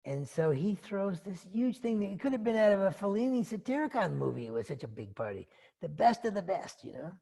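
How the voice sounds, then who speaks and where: A man's voice: high voice, big pitch swings, a little fast, vocal fry, mellow. A man giving a dharma talk who retells a story in a rambling, conversational way, full of asides and fillers. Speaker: dharma teacher.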